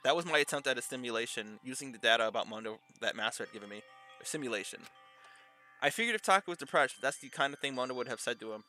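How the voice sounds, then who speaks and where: Man reading as a polite little AI program in a video game, calm and measured, bright tone. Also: medium pitch, faint music behind. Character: calm analytical AI program, gentle male.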